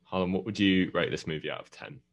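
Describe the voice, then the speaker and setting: A man's voice: low-pitched, fast talker, muffled recording. A man co-hosting a podcast in casual chat, joking and tripping over words with a laugh. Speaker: podcast co-host.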